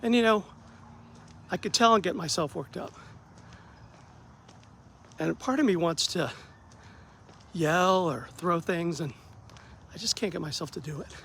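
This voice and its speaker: A therapist casually recounts a bad day for his vlog, pausing often and taking his time. His voice, a bit high for a man, jumps when he mimics what others said, and he pokes fun at himself throughout, over a faint background hum.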